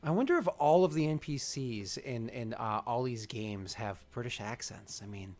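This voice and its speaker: A man playing a tabletop game, chatting in quick, excitable asides. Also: mid-range voice. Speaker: player.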